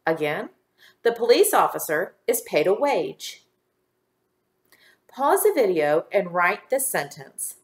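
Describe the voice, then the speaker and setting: Slow, patient woman teaching phonics. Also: fairly low pitch, sing-song. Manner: slow, clear, patient instruction, sounding out words. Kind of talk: recorded phonics lesson for young children.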